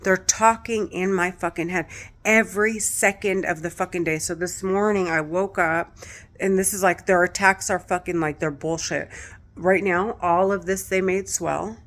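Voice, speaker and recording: A woman's voice: on the low side, steady tone, moderate pace, fairly bright tone. Agitated, profanity-heavy middle-aged woman. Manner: agitated, heavy swearing, repetitive. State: distressed, close to tears. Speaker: vlogger. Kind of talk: agitated direct-to-camera monologue.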